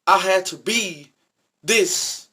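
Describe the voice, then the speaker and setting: A man's voice: high-pitched, slow pace, sharp tone, breathy edge. A man vlogging, telling a personal story in an earnest, emphatic, repetitive way. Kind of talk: casual storytelling monologue.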